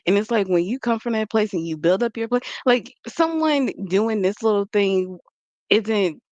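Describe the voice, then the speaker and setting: A woman's voice: mid-range voice, moderate pace, a little mellow, dry recording. Female panelist, thoughtful and chatty, dry and dull lo-fi sound. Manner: reflective, lots of fillers. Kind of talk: casual panel chat.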